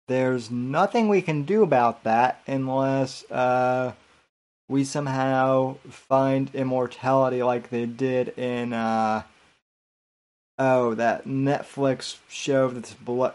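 A man's voice: medium pitch, darkish tone. A man hosting a casual late-night podcast stream, hesitant and full of fillers and restarts. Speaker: podcast host.

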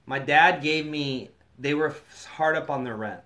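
A young man telling a long, profane story in casual chat, animated and quoting others. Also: on the high side, unhurried.

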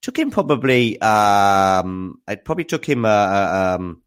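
Male tennis news host, lowish voice, chatty and hesitant on a live stream. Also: very animated, fairly quick. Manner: chatty, hesitant, full of fillers. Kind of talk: live-stream commentary recap.

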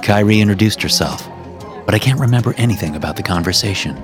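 A man with a very low, deep voice narrating a scripted first-person horror story. He tells it in a steady, measured way, with faint music underneath.

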